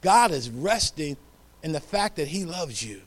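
Man, preacher, sermon, call-and-response, high voice, whispered hallelujahs. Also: sing-song, measured pace. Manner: call-and-response, swinging between loud calls and whispered hallelujahs.

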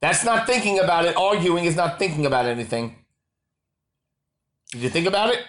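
A man's voice: high voice, brisk, fairly bright tone. A man talking to his pets with mock-stern authority and dry, teasing humor. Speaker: pet owner. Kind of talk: comic chat with his pets.

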